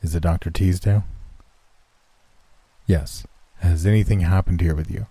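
A nervous gentleman doctor in a spoken horror story questions an unseen caller in a deep, dark, husky voice, as a man reads him. The delivery is urgent and probing, recorded dry and close. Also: steady tone, moderate pace, no room sound. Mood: tense.

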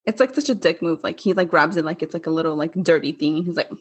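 A woman with a low, slightly rough voice talks fast in casual chat. As a podcast co-host recapping a telenovela, she goes over episode scenes, swearing freely and mimicking the characters.

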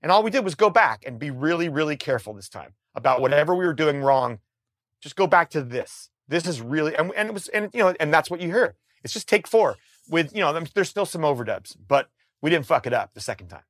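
A middle-aged man, a musician guest, telling a story in a casual, animated way, swearing freely and restarting his sentences. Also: on the high side, fairly quick, no room sound, studio quality. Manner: animated, profane, frequent restarts.

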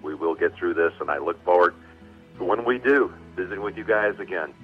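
A man's voice: low-pitched, animated, husky. A man, a sportscaster guest, reflecting at length on a radio show, speaking over a phone line. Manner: warm reflective storytelling with frequent pauses. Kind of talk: casual radio interview. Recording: tinny phone line with music.

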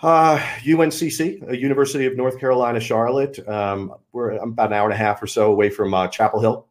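A man's voice: medium pitch, fairly even intonation, quick pace. A man from Long Island who works on air, chatting casually in a rambling way with many fillers. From Long Island, New York. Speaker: broadcaster guest. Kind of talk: casual chat.

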